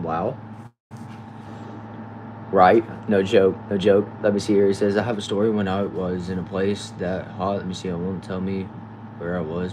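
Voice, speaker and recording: A man with a Texan accent reading viewer comments aloud quickly on a casual livestream from a back shed, answering each with a short reply. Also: low voice. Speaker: livestream host reading chat. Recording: noisy background hum.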